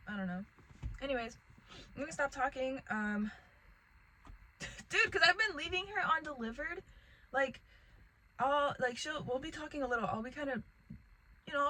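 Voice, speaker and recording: A woman's voice: on the high side, fairly bright tone, slight background noise, rough recording. A young woman telling a rambling casual storytime vlog to the camera, packed with "like" and fillers. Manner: rambling, filler-heavy, lots of "like".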